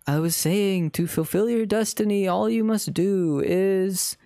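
Guy doing a slow grand british ghost, old spirit vibes, coughing through it, dry close sound. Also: high-pitched, gravelly, mellow, no echo, voice pushed up. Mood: solemn. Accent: British put-on drifting to Scottish.

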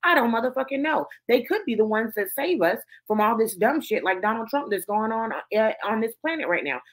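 A woman's voice: fairly high pitch, expressive, brisk. A woman hosting a commentary show, ranting heatedly and swearing emphatically. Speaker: host.

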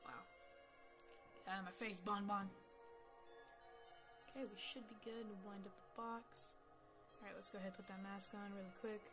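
A woman giving casual let's-play commentary, excitable, swearing and talking straight to the game characters. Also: mid-range voice, moderate pace, pauses often, music in the background. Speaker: gameplay commentator.

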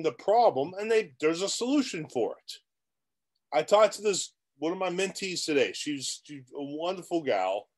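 A man delivering a motivational vlog monologue in a somewhat high voice that swings widely in pitch. He is blunt and repetitive, talks straight at the viewer, and keeps restarting sentences. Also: a little mellow. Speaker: real estate coach.

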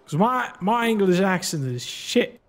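A man's voice: sits high, big pitch swings, a little slow. A man streaming a video game, thinking aloud with casual, profane commentary and frequent laughs. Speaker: gaming streamer.

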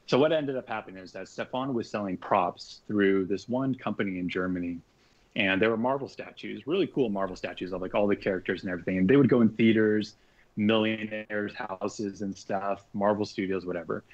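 A man with a lowish voice tells a long story in a relaxed, casual way. He stays animated, acting out what others said and swearing freely. The recording sounds dull and lo-fi. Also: a little fast. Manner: animated, acts out quoted speech, swears freely. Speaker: podcast guest, artist.

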